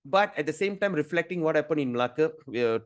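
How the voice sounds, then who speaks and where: A man's voice: fairly high pitch, animated, fast talker, no room sound. A middle-aged man teaching a scripture class over a video call, telling stories and often repeating and restarting his phrases. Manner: repeats words and restarts phrases, rambling storytelling. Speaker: spiritual teacher.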